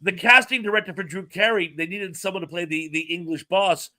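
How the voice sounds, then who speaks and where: Bright-voiced man, chatty storyteller. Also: high-pitched, a little fast. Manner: chatty storyteller, laughs often, many fillers. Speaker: show host. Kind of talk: casual livestream chat.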